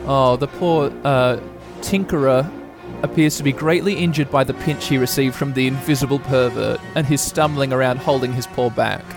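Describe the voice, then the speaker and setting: A man giving rambling, excitable live reaction commentary with lots of fillers. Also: mid-range voice, normal speed. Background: opera music.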